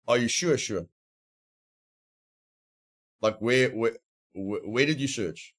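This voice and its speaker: A man's voice: mid-range voice, lively intonation, drawn-out words. A man streaming a survival game, talking casually, rambling and joking in a mock-serious way. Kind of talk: casual gameplay chat.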